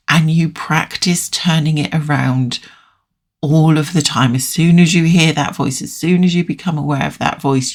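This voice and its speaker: A woman, a life coach hosting her own podcast, talking in a frank, chatty way with fillers and self-corrections. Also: sits low. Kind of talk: solo podcast talk.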